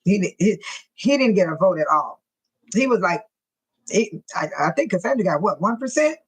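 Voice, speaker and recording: A woman with a husky, slightly breathy voice chats loosely on a live stream. She laughs often, teases her viewers and greets them by name. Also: medium pitch, normal speed, low-quality recording. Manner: laughs often, teasing and excitable. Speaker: livestream host reading viewer comments. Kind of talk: casual live-stream chat.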